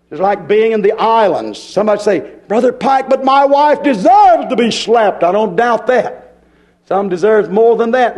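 High-voiced impassioned preacher man. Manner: folksy, impassioned, swings from shouting to quiet. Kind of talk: fiery sermon.

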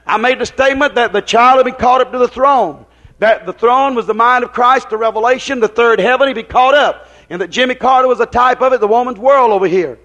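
A man's voice: very high voice, a little fast, fairly bright tone. A man preaching a folksy, rambling sermon, often asking the congregation whether they follow him. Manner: folksy, rambling, drops into quoted dialogue.

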